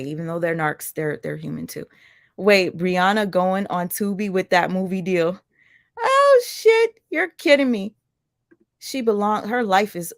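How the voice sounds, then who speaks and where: A woman's voice: fairly low pitch, dry recording. Chatty woman livestreaming, dry close sound. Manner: chatty, addresses viewers directly, rambling asides. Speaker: livestream commentator. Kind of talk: casual livestream chat.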